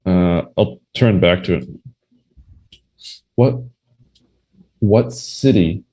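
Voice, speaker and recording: A man playing a tabletop game, asking careful, deliberate questions. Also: low-pitched, dark tone. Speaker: player. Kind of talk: tabletop game play, casual.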